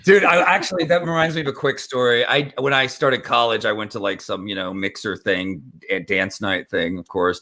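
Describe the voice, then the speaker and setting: Animated, joking man telling a story. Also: on the low side. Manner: animated storyteller, swears freely, breaks into voices and laughs. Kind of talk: casual chat.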